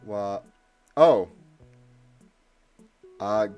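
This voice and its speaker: A man chatting casually on a live stream while practicing Japanese kana, self-deprecating and nervously energetic. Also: mid-range voice, moderate pace, faint music behind. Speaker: livestreamer studying Japanese kana.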